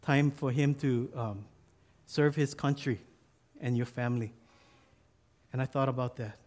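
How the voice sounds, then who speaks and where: A man's voice: medium pitch, fairly even intonation, a little slow, darkish tone. Man, pastor, storytelling sermon, chatty asides and restarts.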